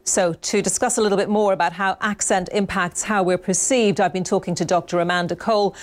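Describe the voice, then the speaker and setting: Woman reading the news. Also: medium pitch. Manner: measured, clear newsreader delivery. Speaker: news presenter. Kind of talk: broadcast news presenting.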